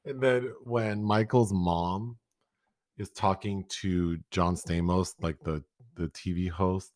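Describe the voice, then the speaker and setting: A man co-hosting a podcast chats casually about a movie in a low-pitched voice at a slow pace. He's animated, laughs often, and acts out lines as he quotes them. The audio is studio quality with no room sound.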